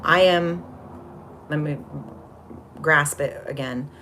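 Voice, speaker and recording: A woman's voice: low voice, slow pace, a bit bright, slight background noise. A woman hosting a casual spiritual livestream, chatty and rambling as she greets viewers from the chat. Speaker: livestream host.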